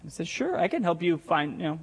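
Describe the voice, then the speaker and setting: High-voiced man preaching in echoey hall. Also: very animated, vocal fry, breathy edge. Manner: conversational preaching, quick asides and repeated phrases. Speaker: pastor. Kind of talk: sermon.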